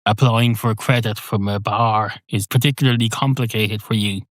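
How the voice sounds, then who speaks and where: A man's voice: lowish voice, fairly even intonation, moderate pace, no room sound, natural voice. A man playing a fussy, officious barman who talks in a long-winded, exasperated way, in comic storytelling.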